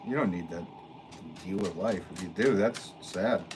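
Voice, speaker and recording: Laid-back low-voiced man chatting live. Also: measured pace, noisy background. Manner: laid-back, chuckles often. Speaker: potter hosting a livestream. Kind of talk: casual live chat, reading viewer comments aloud. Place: pottery studio, indoors.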